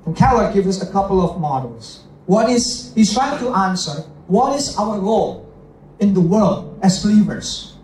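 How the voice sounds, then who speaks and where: A man's voice: high voice, expressive, normal speed, a little mellow, a little hiss or hum. A man preaching a bilingual sermon, emphatic and repetitive, often checking in with the congregation. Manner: emphatic, repeats phrases, checks in with "okay?" and "right?". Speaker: pastor. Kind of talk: bilingual sermon with own interpreting. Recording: echoey hall, voice from a distance.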